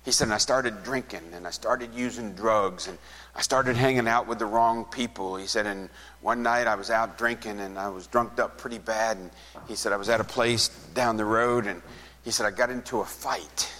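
A pastor preaches in a big, echoing room, his lowish voice keeping a steady tone at a normal speed. He retells a conversation in sermon-story fashion, acting out both speakers and dropping to a near whisper at the saddest parts.

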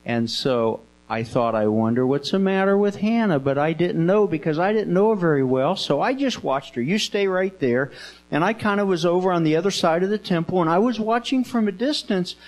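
A man teaching children a Bible lesson, telling the story in first person in a gentle, coaxing voice with slow, repeated phrases, in a room with children. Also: a little high, rough recording. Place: indoor room with children present.

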